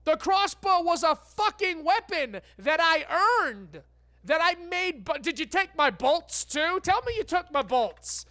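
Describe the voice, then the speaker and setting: A woman's voice: very high-pitched, big pitch swings, unhurried, pushed and bright, no room sound, clean studio sound. A woman streamer giving live gameplay commentary, ranting with lots of swearing and stammered restarts. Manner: profane, exasperated ranting.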